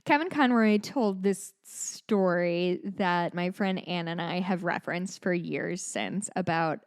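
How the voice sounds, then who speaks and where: A woman's voice: fairly low pitch, slow pace, smooth. A woman in her thirties co-hosting a podcast, chatting casually in a rambling way, with swearing and self-deprecating asides. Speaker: podcast co-host. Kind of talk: casual chat.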